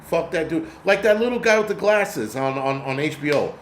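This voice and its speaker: A man's voice: fairly high pitch, lively intonation, moderate pace, reverberant, a little hiss or hum. A man from the United States hosting his channel, giving an angry, profane, rambling livestream rant full of restarts. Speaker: host.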